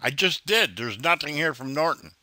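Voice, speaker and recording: A man's voice: fairly high pitch, sing-song, normal speed, bright, forceful tone. A man taunting a phone scammer with profane, exasperated insults in a casual call. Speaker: scam baiter.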